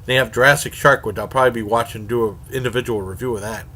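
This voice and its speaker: Rambling man with a bright tone. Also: medium pitch, quick pace, slightly rough. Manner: rambling, self-correcting, many fillers. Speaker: horror movie reviewer. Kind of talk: casual spoken movie review.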